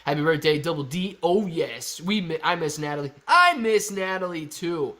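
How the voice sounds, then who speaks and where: A man hosting a live stock-market stream, calling out prices rapidly and chatting with viewers in a casual, excited way. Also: fairly high pitch. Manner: excited, calls out prices like an auctioneer. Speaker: livestream host.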